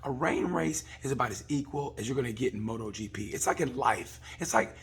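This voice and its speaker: A man, a comedian, rambling through a casual comic review of a race, swearing and acting out people in quick asides. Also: medium pitch, expressive, fairly bright tone, breathy edge. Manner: rambling, profane, acts out voices in quick asides.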